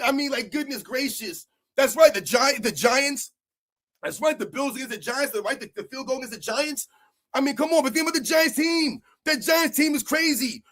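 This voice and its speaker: Man, middle-aged, very high-pitched, excitable, rambling, casual sports rant host.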